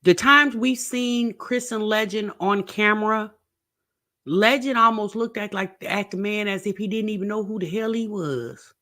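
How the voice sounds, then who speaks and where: A woman's voice: mid-range voice, moderate pace, pushed and bright. A woman hosting a reaction video, giving blunt, sassy commentary and speaking straight to the person on screen.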